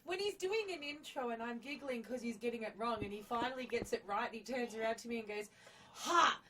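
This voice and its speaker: A woman's voice: a little high, fast talker, slight background noise, low-quality recording. A woman bantering on a casual live stream, teasing the host dryly from across the room, away from his microphone. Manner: teasing, dry. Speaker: chat moderator and guest.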